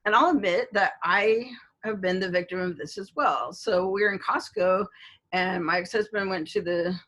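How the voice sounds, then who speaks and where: A woman's voice: mid-range voice, normal speed, a bit bright, rough recording. A middle-aged woman, a college instructor, giving a recorded online lecture in a conversational way, with many fillers and storytelling asides.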